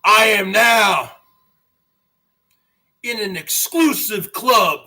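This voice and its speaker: A man shouting a wrestling-style promo to camera with preacher-like boasting, taunting trolls. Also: sits high, slow pace, long pauses. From Washington state. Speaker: YouTube channel host.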